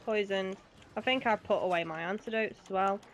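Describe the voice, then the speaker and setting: A woman's voice: mid-range voice, brisk, creaky, slight background noise. A young British woman chatting casually while playing a co-op game, talkative and giggly. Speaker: co-op gaming guest. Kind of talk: casual co-op gameplay chat.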